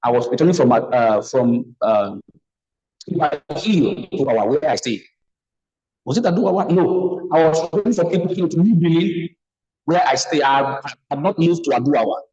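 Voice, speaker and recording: A middle-aged Nigerian man with a fairly high voice speaks at a seminar on a video call. He tells personal stories in an earnest way and repeats phrases for emphasis. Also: lively intonation, moderate pace, mellow, dull audio. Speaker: speaker on trauma healing. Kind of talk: motivational seminar talk.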